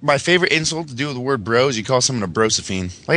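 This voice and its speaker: A man's voice: medium pitch, animated, racing, sharp tone. A young man co-hosting a casual gaming podcast, brash and full of swearing. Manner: brash, swearing, drill-sergeant bluster. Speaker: podcast co-host.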